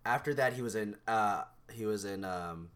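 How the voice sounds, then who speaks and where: A young man co-hosting a podcast in casual chat, talking in an animated, rambling way with many restarts. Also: fairly low pitch, normal speed. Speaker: podcast co-host.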